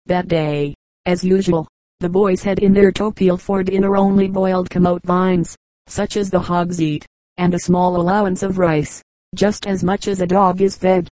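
Calm, even-voiced woman reading folk tales. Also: fairly low pitch, normal speed, no room sound, poor audio. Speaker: audiobook reader. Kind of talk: scripted narration of folk tales.

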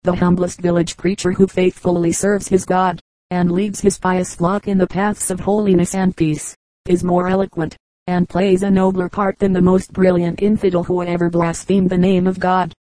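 Low, even-toned woman reading an audiobook. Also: moderate pace, no room sound, rough recording. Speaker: audiobook reader. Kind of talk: audiobook narration.

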